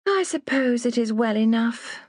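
A woman voicing a haughty, prying young lady customer in an audiobook, asking her questions in a high, drawn-out, disdainful way. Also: animated, no room sound, studio quality.

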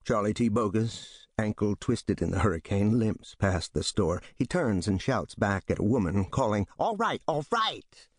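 A man giving scripted literary narration in a measured, steady storytelling delivery. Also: lowish voice, dry recording, clean studio sound. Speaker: audiobook reader.

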